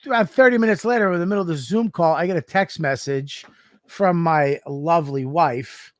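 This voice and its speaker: A man's voice: a little high, measured pace, long pauses, dry recording, studio quality. A man co-hosting a podcast, telling profane stories animatedly in casual chat. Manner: animated, profane storytelling with mock voices. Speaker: podcast co-host.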